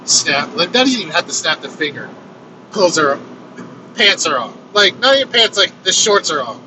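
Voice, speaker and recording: A man casually telling his own story on a road trip vlog, animated and swearing freely. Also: sits high, normal speed. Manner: animated, swears freely, acts out quoted lines. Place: inside a moving vehicle on a road trip. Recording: road noise from a moving vehicle.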